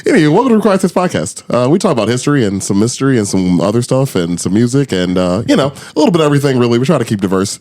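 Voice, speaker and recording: A man's voice: mid-range voice, big pitch swings, racing, hardly any pauses, a little mellow. A man hosting a casual podcast, rambling loosely, swearing freely and laughing often. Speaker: podcast host.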